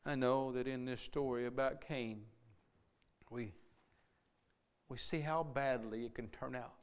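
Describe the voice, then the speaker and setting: Impassioned preacher with a smooth voice. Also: male voice, mid-range voice, steady tone, a little slow. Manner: swings between impassioned pleading and soft, hushed asides. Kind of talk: sermon.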